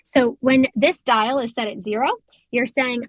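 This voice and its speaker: An American woman walks through a software demo, explaining each step and correcting herself as she goes. Her voice sits a little high, and the sound is dry and close. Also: fairly even intonation, moderate pace, no room sound, poor audio. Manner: explanatory, self-correcting, filler-heavy. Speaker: product demonstrator.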